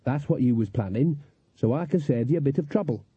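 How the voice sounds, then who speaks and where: A man's voice: mid-range voice, expressive, brisk, warm tone, breathy edge, no echo. A man voicing a cheerful, earthy old female witch who talks in a chatty, cheeky way with rustic grammar. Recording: dull, dry lo-fi recording.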